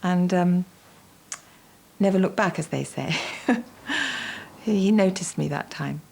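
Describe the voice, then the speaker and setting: Older woman with a very low, creaky voice. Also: unhurried, mellow. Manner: breathless, enthusiastic, searching for words. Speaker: actress recalling a colleague. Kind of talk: reminiscing interview.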